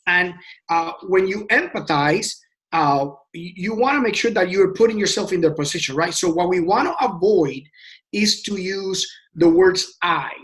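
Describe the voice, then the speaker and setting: High-voiced, passionate male sales trainer. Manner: passionate and emphatic; repeats words and restarts often. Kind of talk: casual training talk.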